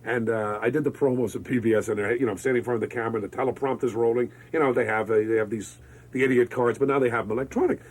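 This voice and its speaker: A man in his fifties with a husky, slightly breathy voice. He talks with exuberant energy and an easy, mid-range pitch, like a veteran radio personality trading stories in an interview. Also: steady tone, racing, low-quality recording. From Brooklyn, New York. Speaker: radio disc jockey, guest. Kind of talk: interview conversation.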